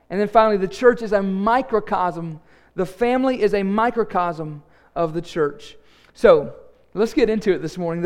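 A man, a pastor praying and preaching a sermon, earnest and emphatic, repeating key phrases. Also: extremely high pitch. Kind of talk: sermon with prayer.

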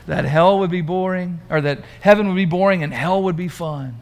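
A man preaching a sermon in a conversational, animated way, asking the congregation questions. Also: sits high, normal speed. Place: church room.

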